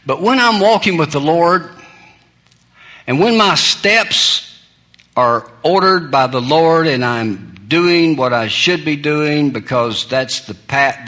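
A man's voice: fairly high pitch, bright, forceful tone. A male pastor telling humorous stories in a sermon, folksy and self-deprecating, laughing at his own jokes.

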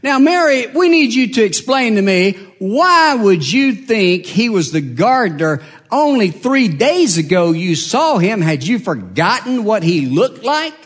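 A man's voice: on the high side, animated, slow pace. A man playing a stern male religious leader who cross-examines a witness in a courtroom scene, speaking in an accusing, badgering way.

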